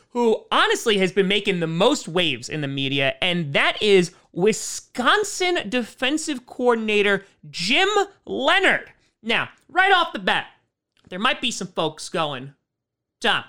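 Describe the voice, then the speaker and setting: A man's voice: sits high, pushed and bright, clean tone. A man hosting casual fan commentary on football, chatty and opinionated. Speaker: sports commentary host.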